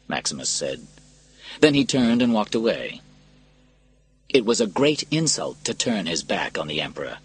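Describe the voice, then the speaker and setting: Male storybook narrator, low husky voice, very expressive pitch, dramatic reading. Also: moderate pace, soft background music.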